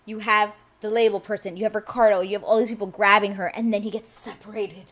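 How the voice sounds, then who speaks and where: A woman casually recapping and reviewing a movie, chatty and excitable, peppering her talk with "like" and acting out bits of dialogue. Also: medium pitch, quick pace, hardly any pauses. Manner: chatty and excitable, heavy use of "like" and quoted dialogue.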